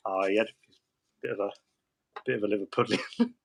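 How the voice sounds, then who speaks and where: A fairly low, creaky male voice, steady in tone and a little quick, with a faint hiss or hum in the recording. As host of a hobby stream, he chats casually while painting models at his desk, rambling, joking and frequently restarting or going off on asides.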